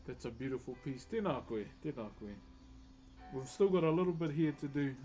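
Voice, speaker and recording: This time the Kiwi wood carver's mid-range voice sounds animated, fairly quick and mellow, with faint music behind him. Relaxed as he works on his livestream, he reads viewer comments out loud, laughs often and uses "bro" nonstop.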